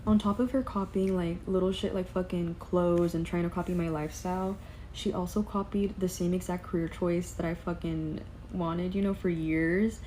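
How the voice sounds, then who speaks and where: A woman's voice: fairly low pitch, moderate pace, slight background noise. Blunt, foul-mouthed young woman vlogger. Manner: blunt, profane, animated retelling with quoted asides. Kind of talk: casual storytime vlog.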